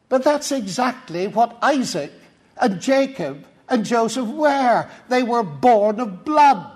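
A man's voice: very high voice, a little mellow. An older man from Ireland preaching a sermon, explaining scripture and telling stories with quoted dialogue.

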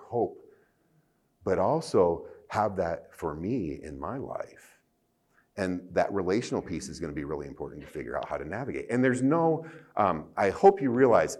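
A man giving a workshop to clinicians, mixing teaching with joking, self-deprecating personal stories and frequent restarts. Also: lowish voice. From United States. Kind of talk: lecture with personal storytelling.

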